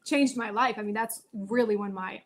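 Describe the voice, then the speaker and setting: A woman's voice: mid-range voice, moderate pace. A woman in her thirties, a founder and CEO, telling her life story as a podcast guest and acting out family conversations. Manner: animated, acts out family dialogue. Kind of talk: storytelling interview.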